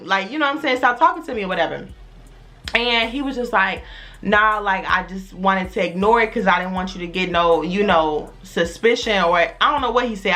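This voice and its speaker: Young woman YouTuber, casual and slangy storyteller, bright edge to her voice, light music bed. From Chicago area, USA. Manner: animated, quoting others in a lowered voice, slangy.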